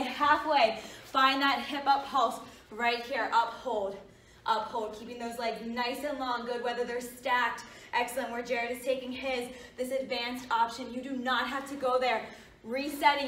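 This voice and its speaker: A woman's voice: sits high, a bit bright, a little hiss or hum. A woman coaching a workout while out of breath, giving encouraging form cues. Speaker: fitness coach. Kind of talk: workout instruction. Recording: echoey room, mic at a distance.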